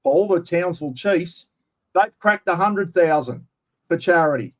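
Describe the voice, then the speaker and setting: Brief: Australian man, a touch high-pitched, blunt, slangy, casual interview guest. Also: measured pace. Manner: blunt, matey, slangy, keeps saying mate. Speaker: interview guest, camping YouTuber. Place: at home, outdoors property.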